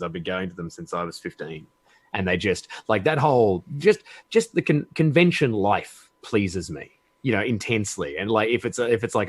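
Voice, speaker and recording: An Australian-accented comedian, appearing as a guest, chats casually and enthusiastically while swearing freely. His voice is fairly low in pitch, and the recording is dry.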